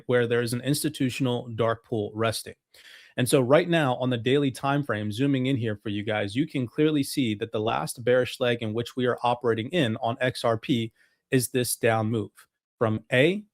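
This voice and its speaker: A man walking through trading charts as a market analyst, talking confidently and technically in a brisk, steady delivery. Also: medium pitch, dry recording, studio quality.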